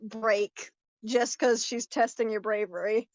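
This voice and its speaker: A woman's voice: on the high side, steady tone, takes it slowly, darkish tone, no echo, low-quality recording. A woman narrating a tabletop role-playing game as game master, playful and teasing.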